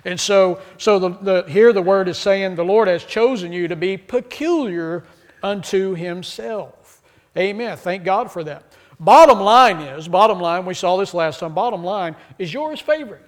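Male pastor, high voice, humorous sermon, call-and-response with the congregation. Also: normal speed.

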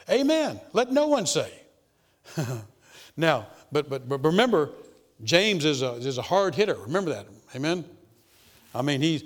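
A man preaching a sermon, emphatic and repetitive, rising into loud insistent bursts. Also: sits high.

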